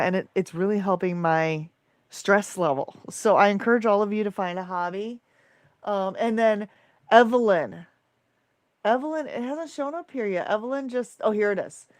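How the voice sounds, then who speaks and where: A woman's voice: mid-range voice, no echo, clean studio sound. A woman hosting a casual livestream, effusively thanking viewers by name as she reads the chat. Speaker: livestream host.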